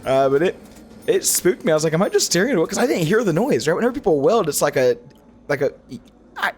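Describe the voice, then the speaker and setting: With a fairly high-pitched voice and a fairly quick pace, a young gaming YouTuber chats casually about the game he's playing. He rambles, stays animated, and keeps fixing and restarting what he says, while a slight hiss or hum runs underneath.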